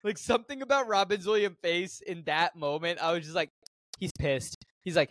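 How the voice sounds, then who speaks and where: A man co-hosting a podcast, casually recapping a film from his notes with animated jokes. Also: high-pitched, unhurried, no echo. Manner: animated, joking, reads notes aloud. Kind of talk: casual chat.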